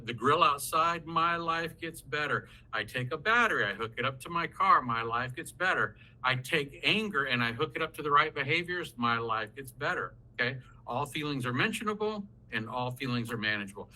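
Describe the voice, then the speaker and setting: Animated, folksy man with a bright voice. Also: a little high, rough recording. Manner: animated, folksy, acts out quoted parents and kids. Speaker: psychologist leading a parent workshop. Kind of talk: lively workshop talk. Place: video call.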